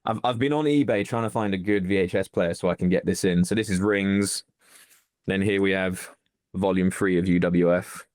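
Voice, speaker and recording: Man, lowish voice, enthusiastic, rambling, casual interview guest, video call, dry room. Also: moderate pace, a little mellow, dry recording. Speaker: wrestling promoter, guest.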